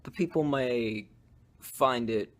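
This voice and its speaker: A man's voice: mid-range voice, slow, close to an everyday voice. A man playing a cautious male adviser who gives a hesitant warning. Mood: wary.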